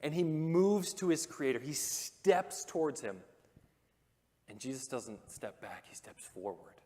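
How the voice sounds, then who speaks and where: A man of ordinary pitch delivers a sermon in a church auditorium, his voice trailing a long hall reverb. He keeps it conversational and animated, tossing in jokes, then drops low and hushed for weight. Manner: conversational and animated, with joking asides and dramatic hushed pauses. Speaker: preacher.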